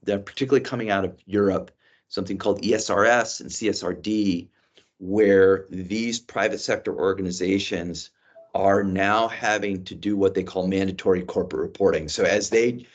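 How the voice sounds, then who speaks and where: A man from a vendor company answering questions in an unscripted webinar presentation, measured and explanatory, with frequent restarts, heard over a video call. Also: sits low, steady tone, muffled recording.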